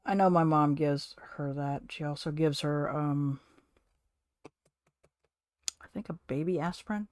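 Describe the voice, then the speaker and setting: Slow-talking low-voiced woman streamer. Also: no room sound, studio quality. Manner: chatty, rambling, soft baby talk to her cat. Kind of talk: casual chat to stream chat.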